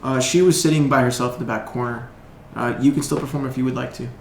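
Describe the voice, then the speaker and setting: A man's voice: medium pitch, steady tone, fast, creaky, roomy sound, a little hiss or hum. Laughing casual man running the game. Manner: laughs often, casual slangy narration. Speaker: game master. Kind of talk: narrating a tabletop game.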